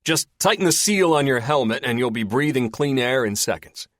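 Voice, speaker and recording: A loud, commanding team leader, put on by an audiobook narrator. He speaks in brisk orders. The sound is dry and close. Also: medium pitch, expressive, no room sound, voice pushed up, close to an everyday voice.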